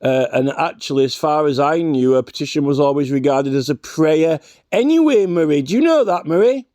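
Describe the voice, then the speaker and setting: A reaction vlogger with a fairly high, animated yet mellow voice delivers combative, ranting commentary, repeatedly challenging the man he's arguing with. He stammers and restarts his sentences, recorded in a clean studio with no echo.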